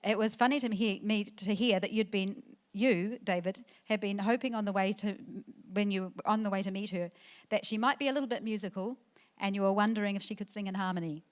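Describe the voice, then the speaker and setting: A middle-aged woman, the mother of the bride, giving a wedding reception speech into a handheld mic, emotional and halting, with fillers and restarts. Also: medium pitch, steady tone. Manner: emotional, tearful at times, laughing through the speech. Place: wedding reception venue, indoors.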